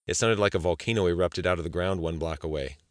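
Deep-voiced man narrating a thriller. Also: fast, dry recording, clean studio sound. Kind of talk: scripted audiobook narration.

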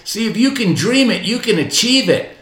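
A man's voice: sits high, very animated, moderate pace, a bit bright. Emphatic man in his sixties, roomy echo. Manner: emphatic and repetitive, rhetorical questions and asides. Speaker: motivational speaker coaching doctors. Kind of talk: motivational seminar talk.

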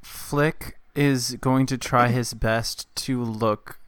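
Man, tabletop player, smooth voice, dry sound, halting casual chat. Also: medium pitch, steady tone, no echo. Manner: halting, lots of likes and restarts.

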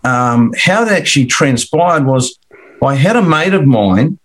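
A man's voice: medium pitch, animated, measured pace, a bit bright. Rambling Australian man, guest broker. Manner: rambling, repeats words, acts out quoted dialogue. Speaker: commercial finance broker guest. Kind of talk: casual storytelling interview.

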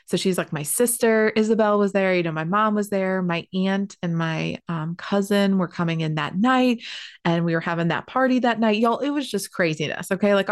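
A pregnant woman, telling a personal story in a chatty, animated way, with a lot of "like" and casual swearing. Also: mid-range voice, dry recording, clean studio sound. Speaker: spiritual healer sharing a personal story.

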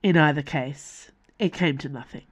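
A woman author reading her own fantasy novel aloud as scripted audiobook narration, measured and deliberate. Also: low voice, slightly rough.

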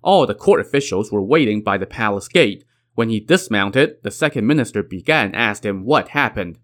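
A man's voice: fairly low pitch, lively intonation, normal speed. A man retelling a classic tale with wry, conversational asides. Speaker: storyteller.

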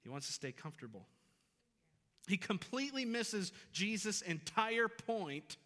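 A man's voice: sits high, very animated, measured pace, pushed and bright. A man in his thirties preaching a sermon as pastor in a church, earnest and emphatic, repeating key phrases. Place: church sanctuary. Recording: reverberant hall.

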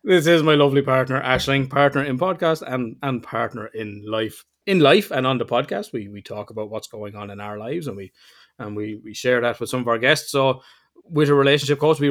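A man's voice: medium pitch, fairly quick. A Northern Irish man hosting a podcast in casual chat. He swears freely and teases his co-host. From Northern Ireland.

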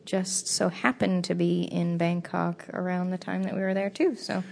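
A young woman telling travel stories on a casual podcast, acting out what people said and swearing freely. Her voice sits a little low and carries a gravelly fry. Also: normal speed. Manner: animated storytelling with quoted dialogue and swearing. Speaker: podcast co-host. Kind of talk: casual chat.

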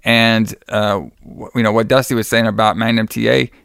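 A man co-hosting a podcast, recapping a wrestling show in a rambling, excitable way with lots of fillers. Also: fairly low pitch, normal speed, gravelly, clear, resonant tone, no echo, studio quality. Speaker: podcast co-host.

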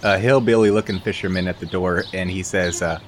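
A man's voice: sits low, steady tone, fairly quick. A man narrating a tabletop game as game master, laughing and joking crudely.

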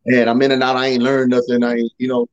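A man who talks loud by nature, a podcast guest telling a personal testimony in casual slang and acting out the dialogue. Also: medium pitch, fast talker, lo-fi sound. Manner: loud, animated, acts out quoted dialogue.

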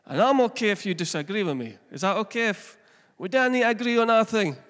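Pastor in a reverberant hall. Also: male voice, high voice, expressive, quick pace, a bit bright. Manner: chatty, asks the congregation questions, tells family stories. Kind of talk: conversational sermon.

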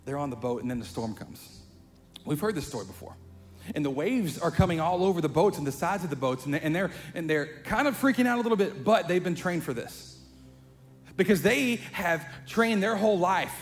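Male pastor, fairly high voice, casual buddy-style sermon delivery rising to animated emphasis; long hall reverb, faint music bed. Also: moderate pace. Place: church sanctuary.

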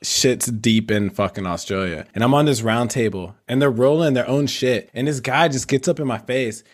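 A man co-hosting a casual podcast, telling a rowdy story with lots of swearing and quick put-on voices. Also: mid-range voice. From St. Louis, Missouri. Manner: animated storyteller, swears freely, puts on voices for others. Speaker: podcast co-host. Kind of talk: casual chat.

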